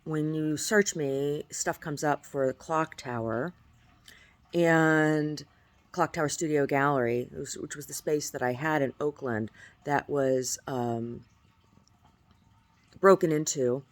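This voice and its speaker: A woman's voice: deep voice, slow pace. Rambling aggrieved woman. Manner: rambling and aggrieved, often restarting phrases. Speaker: video diarist. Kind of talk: casual video diary.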